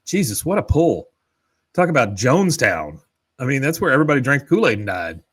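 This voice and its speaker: A man's voice: mid-range voice, very animated, a little fast, slightly rough. A man co-hosting a casual podcast, recapping scenes and reading out quoted lines with chuckles. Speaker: podcast co-host. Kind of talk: casual episode recap chat.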